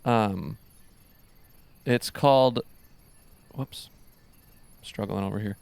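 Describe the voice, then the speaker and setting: Male podcast host, gravelly, casual and rambling. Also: fairly low pitch, drawn-out words, a little mellow. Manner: loose, rambling, swears casually. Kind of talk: casual chat.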